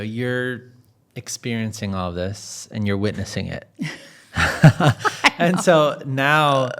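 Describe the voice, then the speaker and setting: Low-voiced guy hosting a podcast, asking long rambly questions with lots of fillers. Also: a bit bright, clear, resonant tone. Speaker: podcast host, interviewer. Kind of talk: interview questions.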